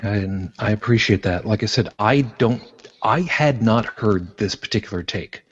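A man's voice: lowish voice, a little slow, breathy edge. A man hosting a casual discussion, explaining his points in an earnest way. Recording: dull lo-fi sound.

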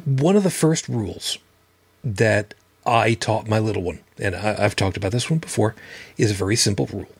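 A man's voice: fairly low pitch, normal speed, breathy edge, no room sound. A man hosting a livestreamed podcast who talks casually, bluntly and with plenty of swearing. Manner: blunt, profane, emphatic. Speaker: podcast host.

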